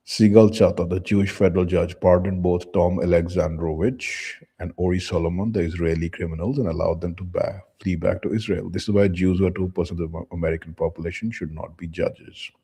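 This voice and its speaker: Low, husky-voiced man, blunt and scornful. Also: steady tone, a little fast, few pauses, dark tone. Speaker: commentary channel host. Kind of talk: casual commentary reading posts aloud.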